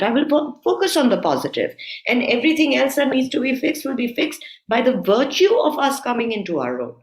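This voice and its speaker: A woman's voice: on the high side, very animated, a little fast, reverberant. A woman speaking as a guest commentator in a talk-show conversation, assertive and emphatic as she argues her points. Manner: assertive, rising emphatic when arguing.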